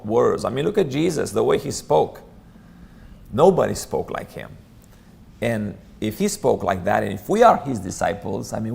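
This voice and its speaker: A man's voice: medium pitch, creaky, darkish tone. A man leading a church Bible study, speaking in an earnest, conversational way with many restarts. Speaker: church teacher.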